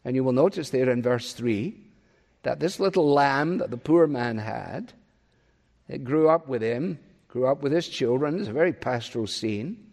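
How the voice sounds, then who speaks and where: Emphatic preacher in an echoing hall. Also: male voice, medium pitch, lively intonation, moderate pace, gravelly. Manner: emphatic, swinging between loud rises and soft drops. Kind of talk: expository sermon.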